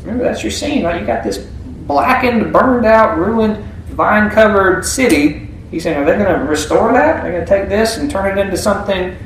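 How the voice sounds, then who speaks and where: A man's voice: sits high, normal speed, a little hiss or hum. A man teaching a Bible passage in a sermon, reading verses aloud and explaining them in a folksy way. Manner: folksy, reads scripture aloud then explains. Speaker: preacher. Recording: echoey room with faint ambience.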